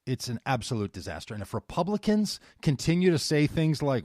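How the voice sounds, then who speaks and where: A man's voice: mid-range voice, very animated, a little fast, darkish tone, no echo, clean studio sound. A man hosting a political talk radio show, delivering an impassioned, sarcastic monologue and taking calls.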